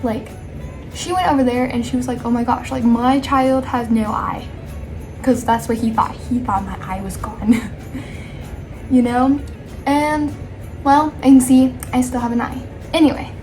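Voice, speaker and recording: A woman's voice: fairly high pitch, normal speed, pauses often, soft background music. A woman telling a casual storytime while doing her makeup, chatty and rambling, with frequent laughs and asides. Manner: chatty and animated, laughing often. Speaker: storytime vlogger.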